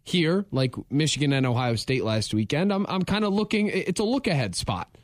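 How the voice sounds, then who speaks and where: A man's voice: a little high, very animated, normal speed, no room sound, studio quality. A man co-hosting a sports radio show, talking in a wry, rambling, joking way. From not from the show's town. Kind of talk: casual sports radio chat.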